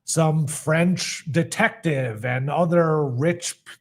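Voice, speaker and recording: A podcast co-host chatting casually, a man whose voice sits a bit high. He rambles along, stacking up fillers as he goes. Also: slow pace. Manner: rambling recap with many likes and fillers. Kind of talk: casual chat.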